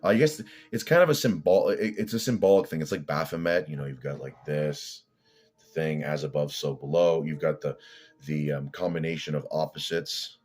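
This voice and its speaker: Very deep-voiced man rambling bluntly. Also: moderate pace, a little mellow, soft background music. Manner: profane, blunt, meandering. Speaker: fitness vlogger. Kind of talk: rambling casual monologue.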